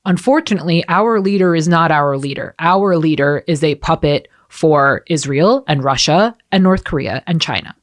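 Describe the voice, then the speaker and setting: A woman's voice: low-pitched, moderate pace, few pauses. Frank, chatty American woman podcast host. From United States. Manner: chatty, frank, swears casually. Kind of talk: casual chat.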